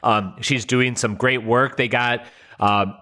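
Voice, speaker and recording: Male podcast co-host, mid pitch, bright tone, enthusiastic and chatty. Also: fairly even intonation. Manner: enthusiastic, filler-heavy, slows to stress points. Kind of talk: casual chat.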